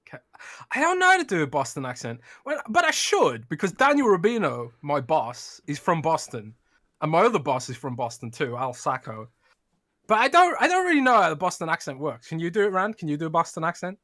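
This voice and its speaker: A man's voice: on the high side, very animated, a little fast, pushed and bright, no room sound, clean studio sound. A man co-hosting a casual gaming podcast, jokey, laughing easily and trailing off into murmurs. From United Kingdom. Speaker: podcast co-host, games writer.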